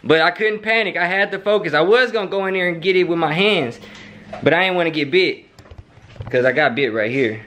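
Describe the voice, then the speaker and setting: Guy vlogging in his kitchen, chatty, kinda high voice, lively. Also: brisk. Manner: chatty and animated, talks straight to viewers. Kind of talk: casual home vlog. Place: home kitchen, indoors.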